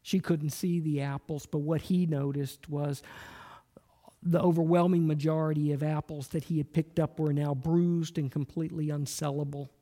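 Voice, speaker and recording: A man preaching a sermon, telling a story in a slow, earnest way and dropping to a near-whisper at times. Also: fairly high pitch, flat delivery, warm tone.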